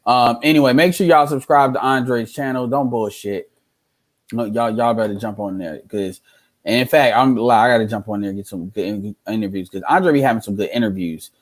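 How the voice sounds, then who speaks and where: A man's voice: mid-range voice, a little fast. A man giving casual reaction commentary as a streamer, ranting in a heated, profane way.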